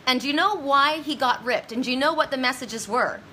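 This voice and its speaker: A woman psychic medium speaks to her viewers in a high, bright, sharp voice. She rambles intensely, restarts her sentences often, and acts out the people in her stories. A faint hum sits underneath. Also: brisk. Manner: dramatic retelling with voiced quotes. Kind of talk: emotional monologue to viewers.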